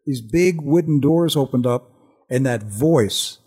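Husky older man telling a testimony. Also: on the high side, slow. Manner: earnest, animated storyteller with many restarts. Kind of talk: storytelling in a Christian talk show.

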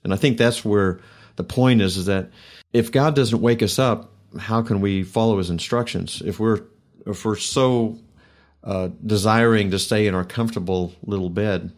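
A man hosting a faith talk show, speaking in a reflective, preacherly way with many pauses. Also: lowish voice. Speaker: host.

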